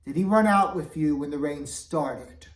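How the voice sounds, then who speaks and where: A woman's voice: low-pitched, unhurried. A woman voicing a stern, commanding king who interrogates and gives orders, in a roomy recording from a distance. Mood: questioning. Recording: roomy, voice away from mic.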